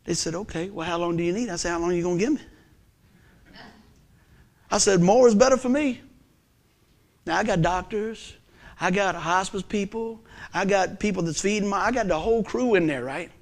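A man, preaching a sermon as a folksy storyteller whose delivery swings from loud bursts to hushed asides. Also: high voice, normal speed, pauses often. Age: 50s.

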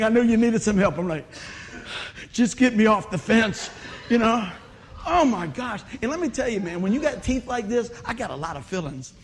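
High-voiced animated male preacher. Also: slight background noise. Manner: animated, laughing, bursts of shouted exclamations. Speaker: pastor. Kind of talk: comic storytelling sermon.

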